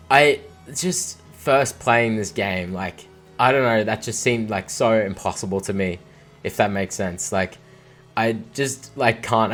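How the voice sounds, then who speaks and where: A young man giving casual commentary on his own gameplay, rambling and excitable, full of "like" and "dude.". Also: lowish voice. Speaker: let's play gamer.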